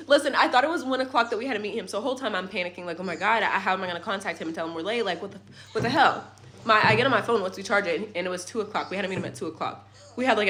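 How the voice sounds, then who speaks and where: A young woman telling a rambling, animated story about her family's trip in a casual vlog at home, with swearing and side remarks. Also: medium pitch, slight background noise. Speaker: family vlogger. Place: at home in a rental apartment.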